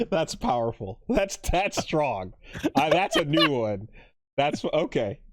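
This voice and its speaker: A man co-hosting a casual podcast, reacting with quick affirmations and musing aloud. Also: on the high side, no echo, studio quality. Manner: lively reactions, frequent backchannel affirmations. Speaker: podcast co-host.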